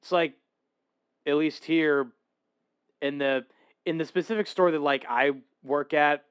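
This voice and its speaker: A man's voice: a little high, steady tone, a little slow, fairly bright tone, clear, resonant tone. A man streaming casually for his viewers, rambling, correcting himself and laughing as he reacts to a video.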